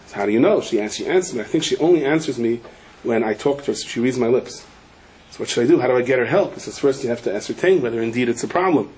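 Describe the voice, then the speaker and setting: A middle-aged man, a rabbi, giving a humorous sermon full of anecdotes. He peppers his talk with Yiddish and Hebrew words and jumps high in pitch when he quotes people. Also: animated, fast talker, darkish tone, low-quality recording.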